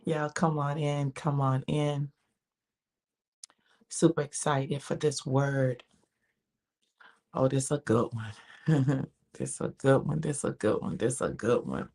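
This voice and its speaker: A woman's voice: deep voice, warm tone. A woman ministering on a live devotional broadcast from home, talking casually with viewers, keeping her voice down and repeating her phrases.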